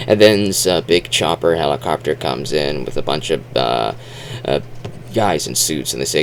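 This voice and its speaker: A man's voice: extremely low pitch, normal speed, slight background noise. A man casually recapping a movie, rambling with sarcastic asides and self-deprecating remarks.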